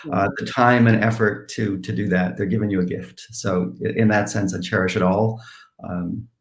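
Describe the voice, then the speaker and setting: Man, lowish voice, thoughtful, hesitant, echoey room, panel talk. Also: steady tone, moderate pace. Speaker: writer on a conference panel. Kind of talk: casual panel conversation.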